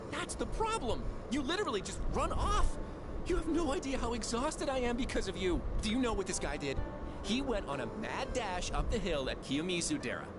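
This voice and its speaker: Loud exasperated schoolboy, very high and animated,. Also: male voice, a little fast. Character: brash exasperated teenage schoolboy. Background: game music.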